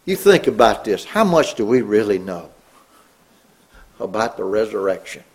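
A middle-aged man preaching a sermon, earnest, rising on key words and dropping low. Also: very animated, normal speed, slightly rough.

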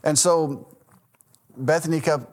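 Slow and fairly even in intonation, this man's voice has a fairly high pitch. He's a Southern American pastor in his thirties giving a conversational sermon, often correcting himself and chuckling at his own anecdotes.

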